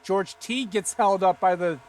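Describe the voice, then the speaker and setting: A man doing play-by-play commentary for an online sim race, getting excited and loud at the big moments. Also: measured pace, slight background noise. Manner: excited, rises to high-pitched calls at big moments.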